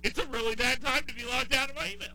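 Bright-voiced ranting radio host, a man. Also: very high voice, very fast, rough recording. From American South. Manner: exasperated ranting with repetition. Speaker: radio talk show host. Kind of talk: casual talk radio chat.

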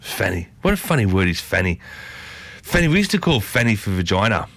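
A man's voice: fairly low pitch, fairly quick, no echo. A man with an Australian accent hosting a morning radio show, chatting playfully and jumping from thought to thought. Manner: chatty, playful, jumps around excitedly. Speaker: radio host.

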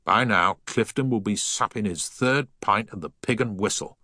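A man's voice: lowish voice, moderate pace, sharp tone, no room sound, clean studio sound, pitched above the performer's own voice. A man voicing a curt, dismissive dockyard foreman in a story reading. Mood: blunt.

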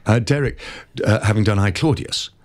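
A man, an actor being interviewed, telling stories about his career in an animated, expressive way. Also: on the low side, normal speed. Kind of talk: conversational interview, storytelling.

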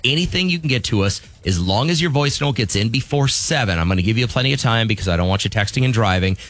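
A man hosting a morning radio show, joking around and pitching a call-in contest. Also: expressive, fast, a bit bright, faint music behind. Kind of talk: casual radio banter. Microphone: studio microphone.

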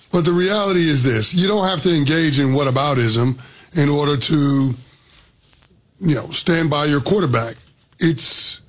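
A man co-hosting a sports talk show, giving blunt opinions. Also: a little high.

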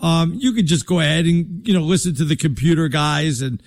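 A brash man trades jabs in a casual sports debate, his voice sitting a touch high. He talks in an emphatic, mocking way, like a host who calls himself an entertainer. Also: a little fast. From Connecticut.

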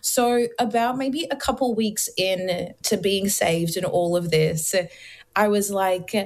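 A young adult woman, a guest on a faith talk show, tells her personal testimony in an earnest, lively way, full of casual fillers. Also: mid-range voice, slow pace.

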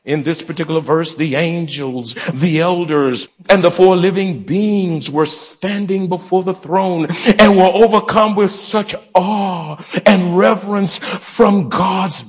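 A man's voice: high-pitched, slightly rough. A man preaching a sermon in a church, rousing the congregation with call-and-response. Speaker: pastor. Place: church sanctuary.

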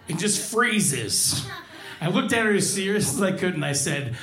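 A man doing a stand-up set, telling crude, deadpan stories about working in restaurants and swearing freely. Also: high voice, normal speed, reverberant, heavy background noise. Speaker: stand-up comedian. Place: comedy club stage.

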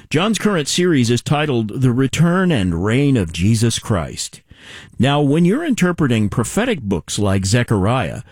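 Lively-voiced male radio host. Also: medium pitch, dry recording, studio quality. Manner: smooth, promotional announcer delivery. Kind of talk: radio announcing and interviewing.

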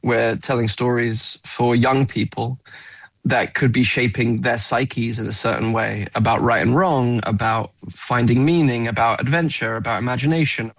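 A man's voice: medium pitch, fairly even intonation, normal speed, gravelly, no room sound, poor audio. A man, a film actor, talking earnestly in a radio interview, often repeating words as he searches for them.

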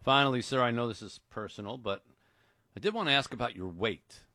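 A man hosting a comedy radio interview, asking brisk questions and playing it straight. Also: mid-range voice, pushed and bright, no echo, studio quality. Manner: plays it straight, brisk questions, laughs along. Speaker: radio show host.

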